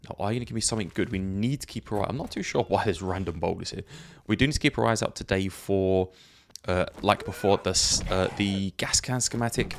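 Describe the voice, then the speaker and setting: Gravelly-voiced man narrating gameplay. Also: sits low, brisk, a little hiss or hum. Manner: chatty, laughs often, thinks aloud. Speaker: gaming YouTuber. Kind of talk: let's play commentary.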